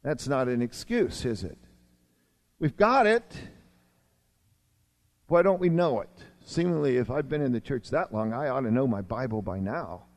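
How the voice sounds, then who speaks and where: A man in his sixties, a longtime pastor, preaching a sermon with emphatic swings between urgent raised lines and quiet low asides. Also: lively intonation, brisk, hardly any pauses.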